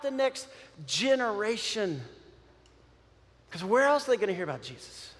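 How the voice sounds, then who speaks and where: A man, a pastor, preaching a sermon in a conversational, animated way with many fillers and restarts. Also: high-pitched, normal speed, pauses often, long reverb tail. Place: church sanctuary.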